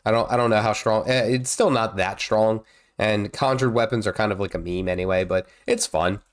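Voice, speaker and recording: Stuffed up from a cold, a man in his thirties streams a game and chats rambling commentary, exclaiming at what happens on screen. He speaks at a moderate pace in a fairly low pitch.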